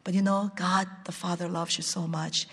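A church language-ministry director telling a personal testimony, halting along with many fillers and restarts. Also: medium pitch, flat delivery, a bit bright, slightly rough, big-room sound.

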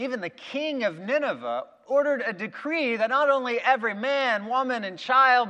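A man preaching a sermon, retelling a Bible story in a lively way with acted-out quotes. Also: high-pitched. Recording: long reverb of a big hall.

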